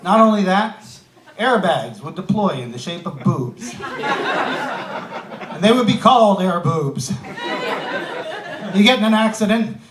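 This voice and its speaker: A man's voice: sits high, expressive, slow pace, pauses often, reverberant, noisy background. A man doing a stand-up comedy set, punchy and wry, throwing asides to the crowd. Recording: live club room, mic heard from a distance. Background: audience laughter.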